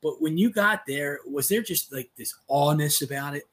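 A man's voice: a little high, normal speed, fairly bright tone, slightly rough. A man hosting a podcast, chatty and friendly in casual interview talk, often repeating words. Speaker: podcast host.

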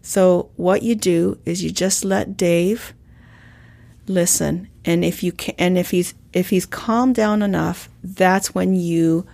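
A woman coaching on calming an angry person, talking in a calm, measured way and acting out sample lines. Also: fairly low pitch, vocal fry. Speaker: communication coach. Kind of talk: instructional talk with role-play examples.

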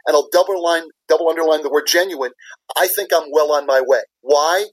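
Man, podcast guest, earnest and explanatory, husky, dry close sound. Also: fairly high pitch, fairly quick, no room sound, rough recording. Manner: earnest, explanatory, repeats key words for emphasis. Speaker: guest, business leader and former CFO. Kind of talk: podcast interview answers.

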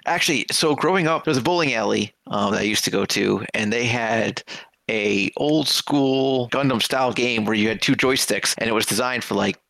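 A man whose voice has a gravelly edge and a bright, forward tone, chatting eagerly and laughing often. The recording is dry and close. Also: mid-range voice, moderate pace, no room sound. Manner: laughing, enthusiastic nerdy chatter. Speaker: podcast co-host. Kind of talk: casual chat.

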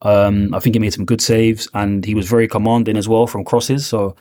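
Low-voiced man chatting about football. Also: flat delivery, fairly quick, darkish tone, dry recording, clean studio sound. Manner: upbeat, rambling with fillers like man. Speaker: podcast guest pundit. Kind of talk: casual football chat.

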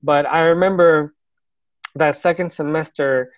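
Male teacher, earnest storyteller, slightly high voice, dry close sound. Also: steady tone, unhurried, dry recording. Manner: earnest, reflective, laughs now and then. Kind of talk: casual personal storytelling.

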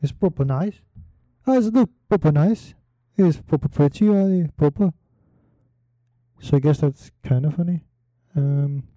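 A man hosting a casual solo talk, rambling with many fillers and pauses in a relaxed delivery. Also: medium pitch, no room sound. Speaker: podcast host.

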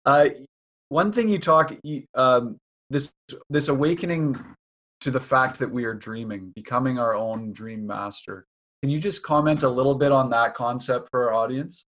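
A man's voice: mid-range voice, normal speed. A man hosting an interview, speaking hesitantly with many fillers and restarts as he frames his questions. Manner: warm, hesitant, searching for words. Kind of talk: conversational interview.

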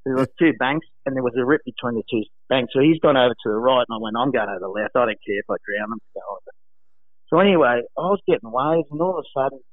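A man, a former pro surfer, telling animated anecdotes in casual chat, acting out voices and laughing often. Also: mid-range voice, dry recording. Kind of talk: casual storytelling. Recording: dry, phone-like narrow sound.

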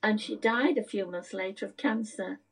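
A woman's voice: medium pitch, moderate pace, gravelly, poor audio. An older woman reminiscing in a casual conversation, telling a rambling family story and searching for words.

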